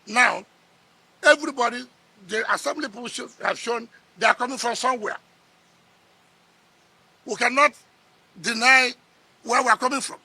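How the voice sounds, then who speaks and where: A man's voice: very high voice, sharp tone, slightly rough, dry recording. A middle-aged man with a Nigerian accent, a politician sparring in a heated press interview, combative and scoffing, repeating his words.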